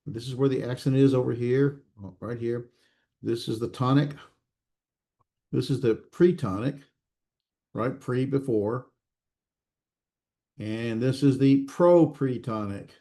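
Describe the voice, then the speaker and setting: A man teaching a recorded class, explaining slowly with many fillers and restarts and checking in with his students. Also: medium pitch, dark tone. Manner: checks in with students, self-correcting. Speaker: instructor.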